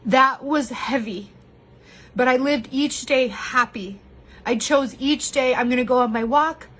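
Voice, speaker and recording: A woman's voice: sits high, unhurried, a bit bright. A woman streaming live to her viewers, talking candidly and from the heart about her marriage, laughing often. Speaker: vlogger sharing personal story. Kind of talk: emotional live-stream monologue.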